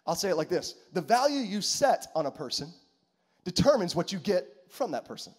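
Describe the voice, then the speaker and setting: Animated high-voiced male preacher. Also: fairly quick, breathy edge. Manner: animated, repetitive, calls to the congregation. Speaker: pastor. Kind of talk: sermon.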